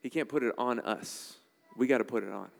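In a big-room acoustic, a male preacher talks fairly quickly with a mid-range voice and some vocal fry. His sermon is emphatic and conversational, studded with "all right?" asides to the congregation.

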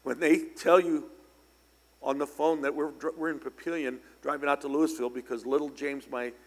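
An older man preaching a storytelling sermon, speaking conversationally with sudden loud, emphatic bursts. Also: fairly high pitch, steady tone, moderate pace. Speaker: pastor. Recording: long church hall reverb.

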